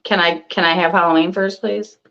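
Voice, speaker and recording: A woman's voice: on the low side, steady tone, fairly quick, vocal fry, a bit bright, dull audio. A woman co-hosting a casual online chat show, ranting animatedly and swearing a lot. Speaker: podcast co-host.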